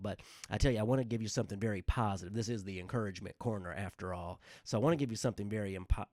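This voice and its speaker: A man's voice: on the low side, darkish tone, no room sound, clean studio sound. A man hosting a devotional talk, speaking earnestly and informally with many fillers and repeated words. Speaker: devotional podcast host.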